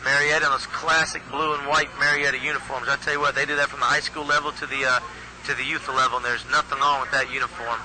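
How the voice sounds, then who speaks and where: Calling a youth football game live outdoors, this man speaks quickly with a medium pitch, flat delivery, and a bright, forceful tone. His commentary is folksy and talkative, often starting phrases over, over noisy field audio.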